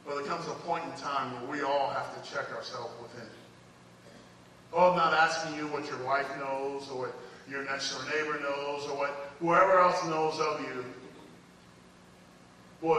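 A man delivers a sermon in a church sanctuary, his fairly high, bright voice ringing out. He tells stories with emphasis, rising to loud peaks and dropping to hushed passages. He is picked up from a distance in a heavily echoing hall with a faint room hum. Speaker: preacher. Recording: echoey hall from far off.

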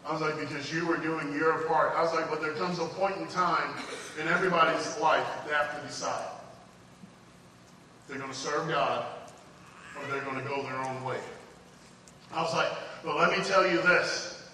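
Preacher, male, bright sharp voice, off-mic in a big reverberant church, loud and quiet by turns. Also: fairly high pitch, fairly even intonation, moderate pace, long pauses, slight background noise. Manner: swings from loud emphatic preaching to hushed quoted dialogue. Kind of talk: sermon storytelling. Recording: echoey hall from far off, faint ambience.

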